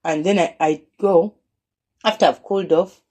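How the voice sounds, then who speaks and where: A woman's voice: lowish voice, steady tone, normal speed, darkish tone. A woman telling a personal story in an earnest way, often repeating words and restarting her phrases.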